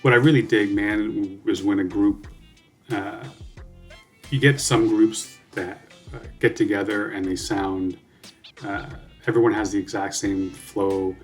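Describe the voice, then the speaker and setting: A man's voice: fairly low pitch, steady tone, measured pace. A Canadian man hosting a music reaction video, talking casually, swearing freely and thinking aloud with lots of fillers.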